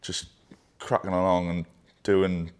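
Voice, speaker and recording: A man talks loosely with a friend, swearing freely and wandering through his thoughts with fillers. His voice sits a little low. The talk is easy and informal. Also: slow pace, smooth. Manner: swearing, rambling, relaxed. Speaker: brand co-founder. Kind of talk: casual chat.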